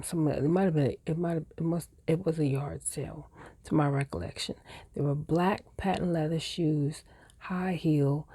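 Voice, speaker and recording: A woman's voice: sits low, mellow, husky, no room sound. A woman in her forties telling childhood stories in a casual vlog, with a meandering, self-correcting way of reminiscing. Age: 40s. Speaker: vlogger. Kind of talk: casual personal storytelling.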